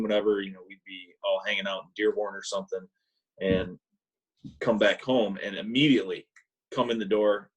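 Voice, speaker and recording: A man co-hosting a casual podcast over a call, telling animated stories and mimicking people in a high voice. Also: slightly rough, rough recording. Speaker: podcast co-host. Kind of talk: casual chat, storytelling. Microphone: remote call mic.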